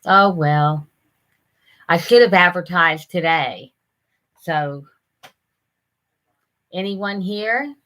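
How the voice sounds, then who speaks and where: Slow, rambling older woman live streaming. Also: on the low side, sharp tone. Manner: rambling, chatty, halting with fillers. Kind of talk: casual live stream chat. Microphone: computer camera mic.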